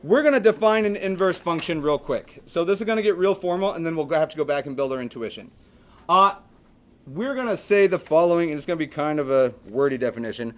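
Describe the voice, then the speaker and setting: A man's voice: fairly high pitch, lively intonation, fast. A man teaching a math class in a classroom, chatty and joking, asking his students questions as he lectures.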